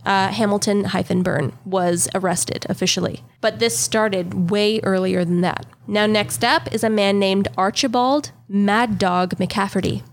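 A woman co-hosting a podcast, telling a true-crime story in a casual, steady way and laughing off interruptions. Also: mid-range voice, unhurried, creaky, few pauses.

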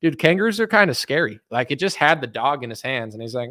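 Male livestream host, sarcastic and joking, mid-pitch, dry close sound. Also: very animated, fast talker, sharp tone, no echo. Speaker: livestream host reading chat. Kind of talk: casual livestream chat.

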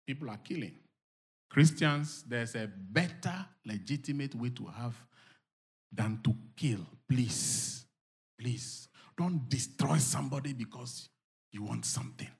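A man preaching a sermon to a congregation, dropping to low murmurs and rising to loud shouted exhortations, acting out quoted inner voices. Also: lively intonation, measured pace, breathy edge.

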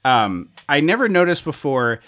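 A man's voice: fairly high pitch, sing-song, normal speed, a bit bright. A man co-hosting a podcast, chatting enthusiastically about a film and acting out lines from it. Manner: enthusiastic, acts out quoted lines. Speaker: podcast co-host. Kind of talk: casual movie discussion.

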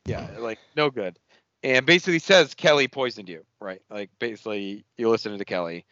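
Male podcast host, bright voice, dry dull-sounding recording, casual recap with voiced-out quotes. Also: on the low side, brisk, no echo. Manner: animated, swears casually, acts out characters' lines. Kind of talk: casual chat, recapping a TV episode.

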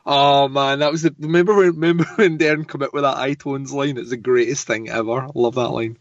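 A man's voice: medium pitch, fairly even intonation, a little fast, no echo, lo-fi sound. A man co-hosting a casual podcast, ranting with lots of swearing and frequent laughter. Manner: profane, ranting, laughs often. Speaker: podcast co-host.

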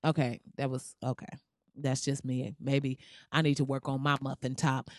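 A woman's voice: very deep voice, level tone, normal speed, no echo, studio quality. A woman from the United States delivering a heated, sarcastic, profanity-laden commentary rant to her viewers. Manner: heated, sarcastic, heavy swearing. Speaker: vlogger.

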